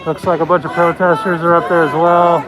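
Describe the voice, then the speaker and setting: A man from the Pacific Northwest giving rambling, casual live-stream commentary while filming a street protest on a handheld phone, often dropping to a low voice. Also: little pitch movement, fairly quick. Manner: chatty, rambling, often lowers his voice. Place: outdoors on a city street at a protest. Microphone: handheld phone camera. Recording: loud crowd noise around the speaker.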